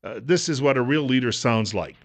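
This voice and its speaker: Brief: male talk radio host, chatty and unpolished, mid-pitched voice, studio booth. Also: expressive, a little fast, vocal fry. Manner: conversational, with frequent uh fillers and repeats. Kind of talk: casual radio commentary.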